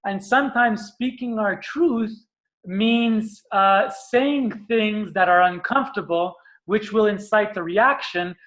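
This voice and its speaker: A man giving an earnest, animated motivational talk as a spiritual teacher, sometimes acting out what he describes. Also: high voice, takes it slowly. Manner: earnest, animated, acts out screams and stomps.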